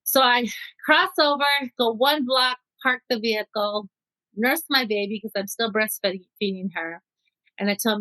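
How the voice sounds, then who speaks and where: Middle-aged woman from Mexico, interview guest, lively first-person storyteller, slightly high voice, dry close sound. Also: normal speed, no room sound, rough recording. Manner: vivid storyteller who acts out quotes.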